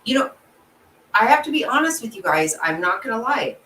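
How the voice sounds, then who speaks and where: A woman's voice: fairly high pitch, sing-song, fairly quick. A woman host chatting casually with her viewers, blunt and emotional, swearing freely as she answers their comments. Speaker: channel host. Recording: roomy echo, distant from the mic, faint background noise.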